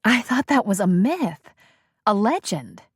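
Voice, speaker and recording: A woman's voice: medium pitch, sing-song, measured pace, husky, no room sound, studio quality, voice pushed up, full character voice. Woman voicing a breathless woman in love. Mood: awed. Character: woman newly in love, wondering and playful.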